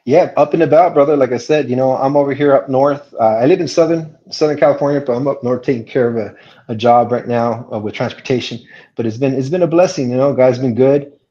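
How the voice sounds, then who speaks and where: A man speaks earnestly as a guest in a live chat, halting and restarting as he works through his thoughts. His voice sits at a middling pitch, and the sound is dull and lo-fi. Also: warm tone.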